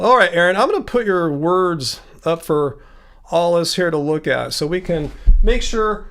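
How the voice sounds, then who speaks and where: High-voiced man pressing a commenter. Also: lively intonation, moderate pace, a bit bright. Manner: confrontational, pressing a commenter for answers. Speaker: livestream host answering chat comments. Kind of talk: casual live-stream debate.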